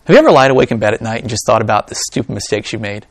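A fairly low-pitched man speaks very fast in a recording free of room sound. He preaches as a pastor, first reading scripture aloud, then joking animatedly with his congregation through various asides.

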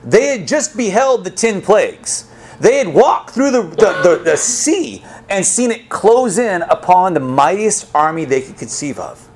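Lively, animated male preacher. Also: sits high, a little slow, slightly rough. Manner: animated, conversational preaching with frequent restarts. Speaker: pastor. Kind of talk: sermon.

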